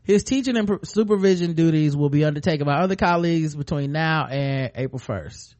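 A man's voice: a little high, brisk, darkish tone. A man co-hosting a comedy podcast, reading a news story aloud and breaking off for crude jokes. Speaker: podcast co-host. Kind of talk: comic news read with banter.

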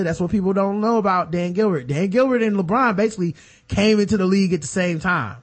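A man's voice: high-pitched, fast talker. A man in casual chat about basketball, telling stories and acting out the quotes in them. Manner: animated storytelling, acts out quotes.

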